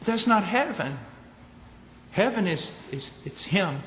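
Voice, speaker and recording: A man preaching at a conference, emphatic, ranging from low, quiet statements to shouted points. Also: expressive, slow. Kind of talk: conference sermon. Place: large conference hall. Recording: echoey hall with faint noise.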